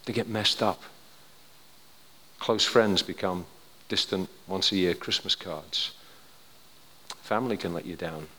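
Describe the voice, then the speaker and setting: Older preacher in a reverberant hall. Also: male voice, deep voice, measured pace, pauses often. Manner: conversational storytelling, dropping to quiet then rising to emphatic. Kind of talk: sermon.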